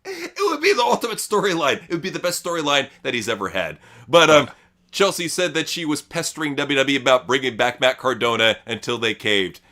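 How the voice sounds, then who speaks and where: A man's voice: mid-range voice, expressive, brisk, bright, forceful tone. A man co-hosting a wrestling news podcast, swearing freely and mocking the people he reads quotes from. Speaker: podcast co-host. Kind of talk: crude casual news chat.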